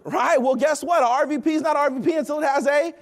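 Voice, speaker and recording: A man in his thirties giving an energetic, preachy motivational talk at a company event, often asking "right?". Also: very high-pitched, quick pace.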